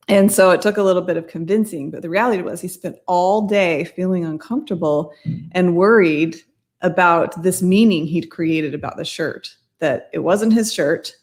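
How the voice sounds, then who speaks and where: A middle-aged woman telling a personal story in a casual talk. She rambles and corrects herself as she goes, and laughs now and then. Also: lowish voice. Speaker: mindset coach.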